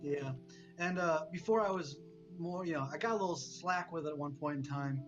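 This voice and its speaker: A man in his thirties, a guest in an interview, talking in a calm, matter-of-fact way. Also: fairly high pitch, normal speed, lo-fi sound, soft background music. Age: 30s. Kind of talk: casual interview talk.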